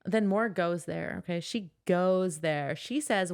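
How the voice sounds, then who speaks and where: A woman's voice: lowish voice, slow, few pauses, smooth. A woman co-hosting a casual book podcast, retelling scenes and acting out characters' lines. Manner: animated retelling, acts out quotes. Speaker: podcast co-host. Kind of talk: casual book-club chat.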